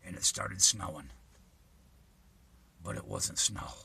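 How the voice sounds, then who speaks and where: Gravelly older man telling a story. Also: low voice, slow pace, bright, forceful tone. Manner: profane, vivid, earnest retelling. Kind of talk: personal storytelling.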